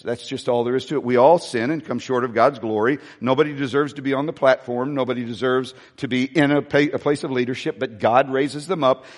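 A male pastor preaching a sermon in a conversational way, with folksy asides. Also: medium pitch. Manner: conversational, with folksy asides and dramatic soft-voiced quotes. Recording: long reverb of a large hall.

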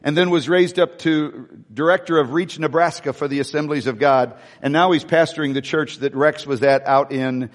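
Candid preacher in an echoing hall. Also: male voice, on the high side, fairly even intonation, moderate pace, few pauses. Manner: emotional, candid storytelling with wide swings from loud to hushed. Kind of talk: sermon testimony.

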